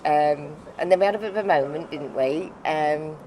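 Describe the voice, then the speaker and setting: A middle-aged woman telling a personal story as an interview guest, heartfelt and halting, often restarting her sentences. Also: deep voice, a crowd in the background, poor audio. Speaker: interview guest, foundation founder.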